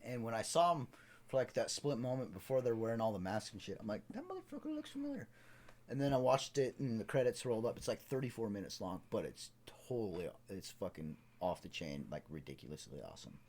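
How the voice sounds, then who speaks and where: A man's voice: lowish voice, fast talker, darkish tone. A man co-hosting a casual podcast, crude and joking, acting out voices in his stories. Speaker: podcast co-host. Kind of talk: casual chat.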